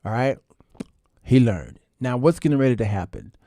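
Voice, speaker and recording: A man's voice: mid-range voice, expressive, moderate pace, warm tone, dry recording, studio quality. A man hosting a casual livestream, talking folksy to his viewers and laughing often. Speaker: show host.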